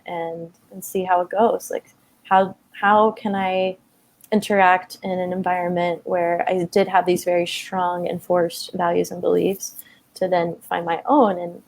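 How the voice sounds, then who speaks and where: A woman's voice: on the low side, flat delivery, normal speed, darkish tone. A woman in her thirties telling a personal story in a conversation, open and emotional, with many fillers. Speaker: guest.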